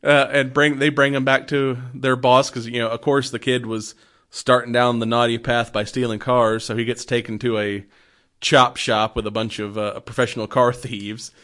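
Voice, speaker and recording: A man's voice: mid-range voice, level tone, moderate pace, a bit bright. A man recapping a movie in a loose, rambling way, full of fillers. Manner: rambling, filler-heavy storytelling. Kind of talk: casual movie recap chat.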